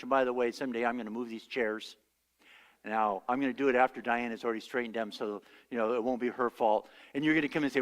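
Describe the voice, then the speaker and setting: Pastor preaching in a reverberant church. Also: male voice, medium pitch, fairly even intonation, quick pace. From United States. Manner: storytelling, acts out quoted voices. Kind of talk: sermon. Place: church sanctuary.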